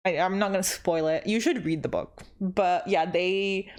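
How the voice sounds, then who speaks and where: A woman's voice: lowish voice, fairly even intonation, moderate pace. A young woman giving a casual, rambling book recap vlog, laughing often and swearing playfully as she retells the plot. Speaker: booktuber.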